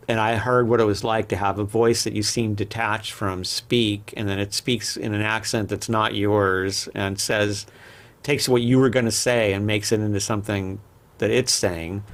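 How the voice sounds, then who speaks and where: A man's voice: fairly low pitch, vocal fry, a bit bright. A man, a podcast guest, telling rambling personal stories in a candid, casual way with frequent restarts. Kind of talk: casual interview storytelling.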